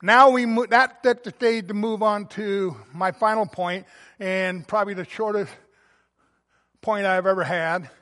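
A man preaching a sermon as pastor, earnest, swelling loud and then dropping quiet. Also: high voice, fairly even intonation, a little slow, big-room sound.

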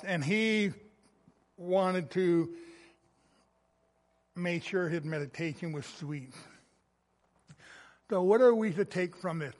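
A man preaching a sermon as a pastor, slow and emphatic, swelling loud and then dropping soft. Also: high-pitched, big-room sound.

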